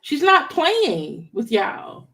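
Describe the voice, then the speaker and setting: A woman gives casual commentary on a clip she is watching and chats with her viewers as she goes. Her slightly high voice swings up and down a lot. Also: huge pitch swings, extremely slow, bright, forceful tone. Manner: chatty, talks to viewers as "y'all".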